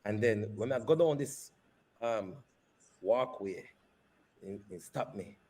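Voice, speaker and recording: A man, a company CEO, telling a personal story in an interview with animated, repeated phrases. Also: on the low side, slow pace, husky. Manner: animated retelling that repeats phrases and slips into patois.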